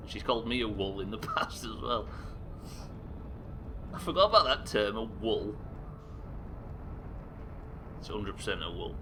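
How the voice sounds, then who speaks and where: A man with a Welsh accent commentating his live gameplay, chatting with viewers, animated and swearing casually. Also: lowish voice, a little slow, pauses often, noisy background. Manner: animated, swears casually, reacts loudly to the game. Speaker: streamer.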